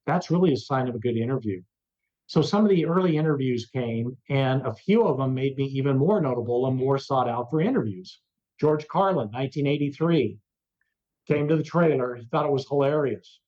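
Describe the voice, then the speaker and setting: A man's voice: medium pitch, a little fast. Older man telling radio stories, lo-fi. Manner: animated anecdote telling, acts out quoted voices. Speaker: radio host, interview guest. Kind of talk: storytelling in an interview.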